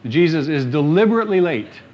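A man preaching a sermon emphatically, dropping quiet and then rising loud. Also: fairly high pitch, expressive, a little fast, dull audio. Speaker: pastor.

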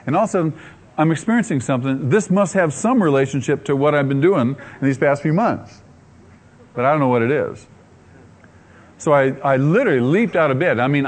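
Male preacher, somewhat high voice, lively swooping delivery, acts out his own thoughts. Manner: laughs often while telling. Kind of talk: sermon testimony storytelling.

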